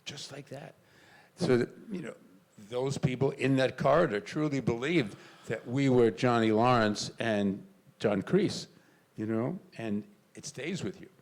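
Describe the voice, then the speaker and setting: An older man, an actor, telling animated stories on a convention panel stage, now and then shouting out remembered lines. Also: mid-range voice, unhurried, vocal fry. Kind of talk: storytelling on a panel.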